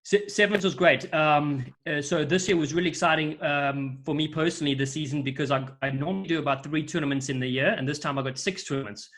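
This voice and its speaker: Animated man telling a story. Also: on the high side, fast talker, hardly any pauses. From South Africa. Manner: animated storyteller, acts out quoted lines. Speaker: rugby commentator, guest. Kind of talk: casual chat, storytelling.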